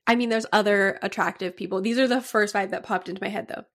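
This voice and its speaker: A woman's voice: mid-range voice, fairly even intonation, fast talker, fairly bright tone. A young woman co-hosting a podcast, chatting casually and agreeably with many filler words. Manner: easygoing, agreeable, filler-heavy. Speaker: podcast co-host. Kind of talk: casual chat.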